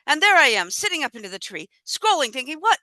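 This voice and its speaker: Bright-voiced animated woman storyteller. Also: sits high, quick pace, dry recording. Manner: animated, acts out her own thoughts and dialogue. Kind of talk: live tall-tale storytelling.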